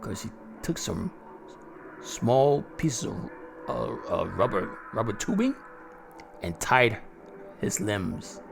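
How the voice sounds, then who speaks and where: Male horror narrator, gleeful and chuckling, gravelly, slow, music under. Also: mid-range voice, sing-song. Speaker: storyteller. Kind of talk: first-person horror story narration.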